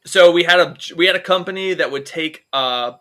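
A man's voice: fairly high pitch, brisk, bright, forceful tone. A man co-hosting a comedy podcast, rambling through jokes and swearing freely in casual chat. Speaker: podcast co-host.

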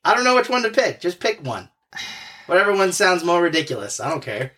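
A man's voice: high-pitched, big pitch swings, a little fast, bright, forceful tone. A man co-hosting a podcast, chatting casually through a card game with a laugh and an easygoing, trailing-off way of talking. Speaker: podcast co-host.

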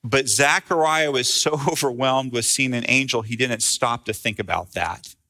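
A man preaching with a bright, forceful voice at a middle pitch. He tells the story conversationally and with animation, like a pastor walking a congregation through a passage. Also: moderate pace. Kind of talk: sermon.

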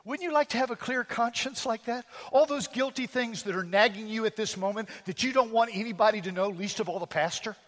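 A man's voice: sits high, fairly quick, hardly any pauses, a bit bright, big-room sound. A male pastor preaching a sermon, telling homely stories and asking the congregation rhetorical questions.

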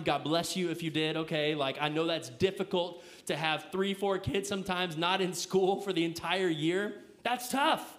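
A young man with a noticeably high voice delivers a sermon in a loose, everyday way. He leans on fillers and keeps asking his listeners rhetorical questions, as if chatting with friends. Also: normal speed, few pauses, fairly bright tone. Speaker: pastor. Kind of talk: casual conversational sermon.

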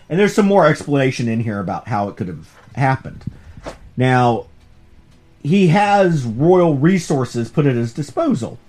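A man hosting a podcast course as professor, lecturing casually and joking along the way. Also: mid-range voice. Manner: animated, joking, digressive. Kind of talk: casual lecture on a comic book.

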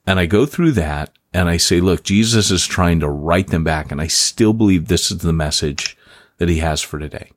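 A man's voice: deep voice, normal speed. A man co-hosting a podcast, talking animatedly and joking, laughing often. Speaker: podcast co-host and author. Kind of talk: casual podcast chat. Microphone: remote call.

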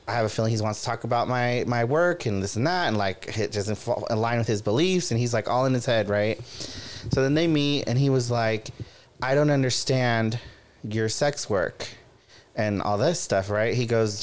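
A man in casual chat, retelling a story with lively quoted voices. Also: mid-range voice, clear, resonant tone. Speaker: podcast co-host.

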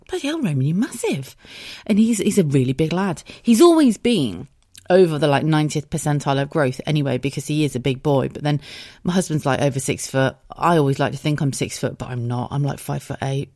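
A woman in her thirties from the UK, hosts a casual solo podcast from her bedroom. Her voice sits low, and the recording is dry and close, with no room sound. She talks openly and emotionally, laughing often and swearing freely. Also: dark tone, no echo. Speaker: podcast host. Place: bedroom at home.

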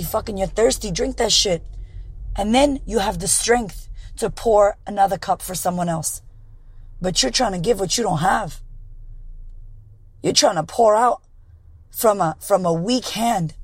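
A woman podcast host with a hoarse, raspy voice, delivering a blunt, profane motivational monologue. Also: mid-range voice, darkish tone, no echo, poor audio.

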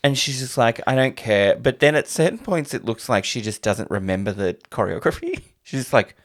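A man co-hosting a casual movie podcast, his mid-pitched voice rising and falling with lively movement. He answers with quick agreements and playful asides. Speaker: podcast co-host. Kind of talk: casual movie review chat.

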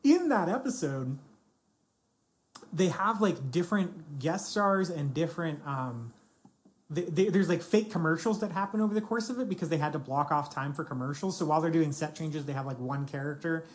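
A woman's voice: low-pitched, expressive, moderate pace. A woman talking casually about a TV series, chatty, with many fillers and restarts. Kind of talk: casual chat about a TV show.

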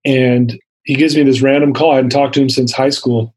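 A man's voice: mid-range voice, fairly even intonation, brisk, darkish tone, husky, poor audio. A man in his fifties sharing his personal story as an interview guest, earnest and vivid, acting out the dialogue he quotes.

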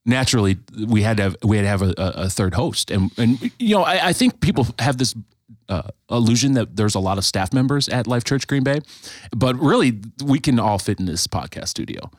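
A man hosting a podcast in a studio, chatting casually and haltingly, with frequent restarts. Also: medium pitch, animated, dry recording. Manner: halting, many restarts and fillers. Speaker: podcast host. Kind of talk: casual chat.

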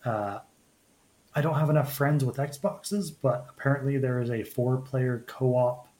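Halting man chatting about games. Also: mid-range voice, darkish tone. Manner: halting, many restarts and fillers. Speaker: podcast host. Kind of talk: casual chat.

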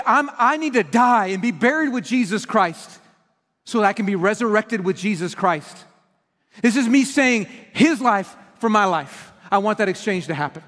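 A male pastor delivers an impassioned sermon with a notably high voice. He swings from loud, fervent declarations to hushed, intimate pleading. The sound carries the long reverb of a church hall. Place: church sanctuary.

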